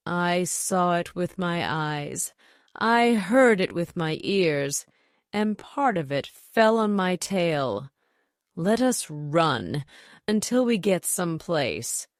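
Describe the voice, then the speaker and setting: A woman's voice: lowish voice, lively intonation, slow, no room sound, clean studio sound. A woman voicing a small, panicky female chick in a storybook, urgent and alarmed.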